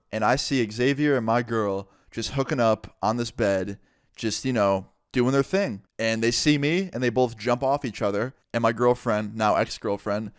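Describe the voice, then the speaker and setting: A young man telling a personal story to camera in a casual, profane, animated way. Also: mid-range voice, clean tone, no echo, clean studio sound. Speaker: vlogger. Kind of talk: storytime narration.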